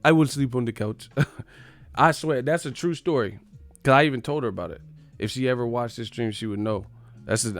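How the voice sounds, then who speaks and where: A man casually telling a wild, profane story on his livestream, emphatic and animated. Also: lowish voice. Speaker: boxing livestream host.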